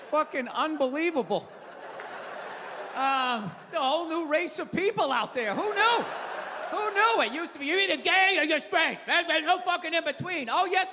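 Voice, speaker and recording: Sardonic high-voiced male comedian in a hall. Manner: sardonic, profane, loud exasperated rants. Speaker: stand-up comedian. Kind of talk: stand-up comedy set. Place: large live venue with audience. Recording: reverberant hall with crowd and noise.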